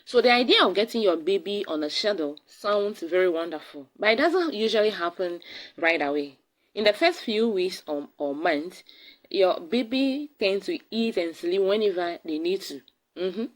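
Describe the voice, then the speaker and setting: A woman's voice: medium pitch, expressive, normal speed, rough recording. A woman with a Ghanaian English accent gives casual advice to expectant mothers, repeating key words for emphasis. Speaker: parenting vlogger. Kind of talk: casual advice talk to camera.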